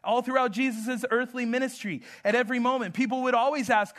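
A man preaching a sermon, telling family stories with humor and a slow, emphatic delivery. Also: extremely high pitch, steady tone, fairly bright tone. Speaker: pastor.

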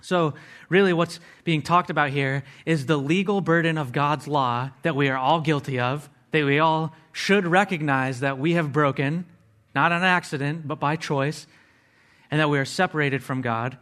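A man's voice: fairly high pitch, normal speed, a bit bright. Earnest man preaching a sermon. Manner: earnest, explains word meanings step by step; casual asides to listeners.

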